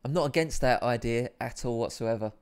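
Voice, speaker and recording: A man's voice: medium pitch, fairly quick, a little mellow, smooth. A man hosting a live stream, chatting casually with viewers and reading out their comments, with a rambling, self-deprecating manner.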